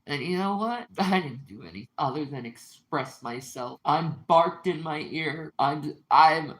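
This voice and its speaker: A woman's voice: sits low, a little slow, few pauses. A woman in a heated personal rant at her partner, upset, bitter and accusing, repeating herself.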